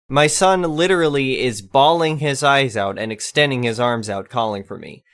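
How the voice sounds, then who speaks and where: Guy reading a reddit-style story out loud, normal mid voice, plain delivery. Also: mid-range voice, moderate pace, hardly any pauses, clear, resonant tone. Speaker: narrator. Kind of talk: storytime narration of an online post.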